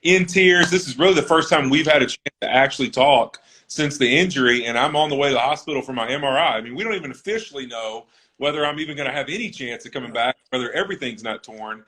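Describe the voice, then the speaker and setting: A man's voice: medium pitch, expressive, fast talker, sharp tone. A man in his thirties, a football player being interviewed, talking in an earnest, reflective way about his own story. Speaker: NFL offensive lineman, guest. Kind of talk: conversational interview.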